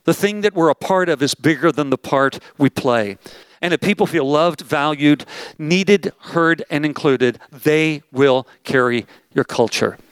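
A man giving a pastor's conference talk in a slightly high voice, recorded dry and close. He speaks with emphasis and repeats his main points. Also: measured pace, smooth, dry recording. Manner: emphatic, repeats key phrases. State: out of breath. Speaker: pastor leading a conference session. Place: large room with audience.

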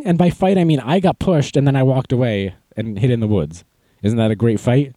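A young man hosting a podcast, telling stories in a casual, self-mocking way and acting out quotes in a high voice. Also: animated, moderate pace, mellow, no echo. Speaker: podcast host. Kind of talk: casual storytelling monologue.

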